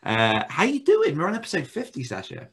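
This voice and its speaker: A man's voice: on the high side, wildly swooping pitch, a little fast, fairly bright tone, husky. A man hosting a podcast, chatting casually in a jokey, teasing, rambling way. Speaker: podcast host. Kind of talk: casual chat.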